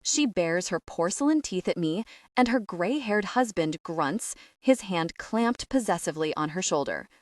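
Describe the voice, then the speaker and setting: A woman narrating a first-person audiobook in a lively, expressive way. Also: on the low side, normal speed, no room sound, studio quality, distant mic.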